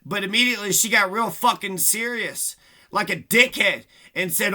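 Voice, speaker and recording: Vlogger, male, high tense voice; rambling profane rant, aggrieved delivery. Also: moderate pace, sharp tone. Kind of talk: casual ranting monologue.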